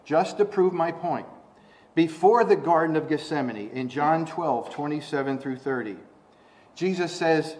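A man preaching a sermon, reading scripture and explaining it, repeating words and restarting, then rising to loud emphatic bursts on the quoted lines. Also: on the high side, a little slow.

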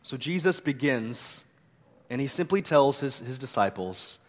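Conversational pastor preaching in a reverberant hall. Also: male voice, medium pitch, lively intonation, measured pace. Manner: earnest, conversational, mixes scripture reading with humor. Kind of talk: sermon.

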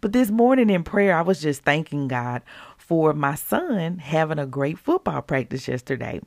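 A woman giving a casual devotional talk in a chatty, animated way, acting out little quotes as she goes. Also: sits low, moderate pace, no echo, studio quality. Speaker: devotional speaker.

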